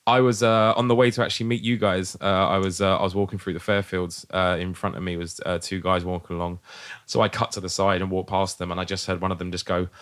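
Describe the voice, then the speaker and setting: A man's voice: low-pitched, little pitch movement, quick pace, fairly bright tone, clear, resonant tone. A man co-hosting a podcast, trading jokey banter in casual chat. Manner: playful banter, jokey asides. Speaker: podcast co-host.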